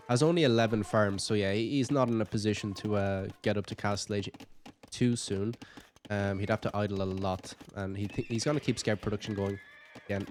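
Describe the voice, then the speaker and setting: A man's voice: lowish voice, a little mellow, slight background noise. A man giving casual commentary on a strategy game match, chatty and thinking aloud with light jokes. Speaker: game caster.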